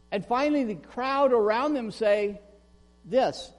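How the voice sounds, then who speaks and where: A man preaches a sermon in a high, lively voice that leaps up and down as he asks the congregation questions. He acts out quoted shouts with real force. His voice rings with a long reverb, as in a big hall. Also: slow. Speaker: pastor.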